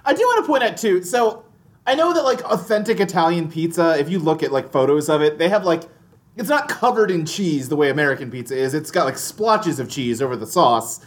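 A woman's voice: low-pitched, expressive, fairly quick. A woman co-hosting a casual podcast, rambling and self-deprecating, often breaking into laughter. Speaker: podcast co-host. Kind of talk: casual chat.

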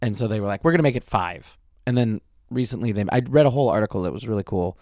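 Gravelly man rambling in chat. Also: lowish voice, expressive, fast, darkish tone, no echo, studio quality. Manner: rambling, restarts often, enthusiastic. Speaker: podcast co-host. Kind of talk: casual chat.

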